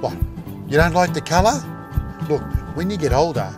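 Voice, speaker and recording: Man doing upbeat single dad, sing-song voice, fairly high, music underneath. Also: animated, moderate pace, natural voice. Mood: cheery. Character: cheerful single dad minding his kids. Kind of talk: comedy sketch acting.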